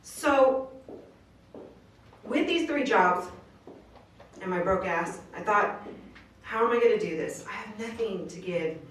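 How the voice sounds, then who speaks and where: A woman's voice: mid-range voice, animated, slow pace, pauses often, a little hiss or hum. A woman giving an earnest inspirational speech at a live venue, telling her story in casual slang. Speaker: motivational speaker. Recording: roomy distant live recording.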